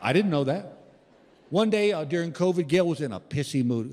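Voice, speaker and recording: In a live stand-up set at a large, echoing theater, a man recounts folksy stories and plays out both halves of the dialogue for the crowd. His fairly high voice is expressive and a little mellow, moving a little fast.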